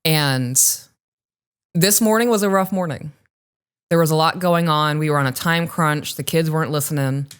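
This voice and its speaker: A woman's voice: low-pitched, normal speed, clean tone. A woman in her thirties co-hosting a podcast, telling a personal story in an earnest, reflective way. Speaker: podcast co-host. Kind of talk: casual chat, storytelling.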